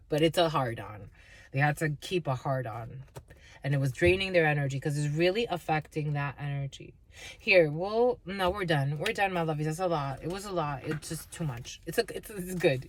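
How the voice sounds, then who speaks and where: A woman's voice: deep voice, fairly bright tone. A woman doing a casual, blunt and profane tarot reading, laughing often. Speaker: tarot reader.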